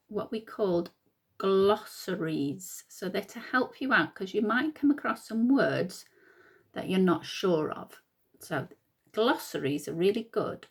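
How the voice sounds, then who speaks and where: A woman teacher reading a picture book aloud to young children, slow and patient, sounding out words. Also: mid-range voice, creaky, breathy edge.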